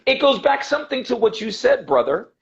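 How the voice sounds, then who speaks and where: Emphatic American man, high voice. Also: big pitch swings, brisk, creaky. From United States. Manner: emphatic, repeats key points, calls the host brother. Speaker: English teacher, guest. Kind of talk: passionate interview talk. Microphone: video call. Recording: dull lo-fi video call audio.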